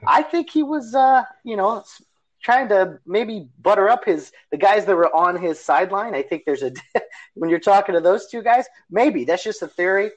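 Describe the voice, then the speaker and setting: A man hosting a casual interview, friendly and quick to laugh. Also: sits high, expressive, poor audio.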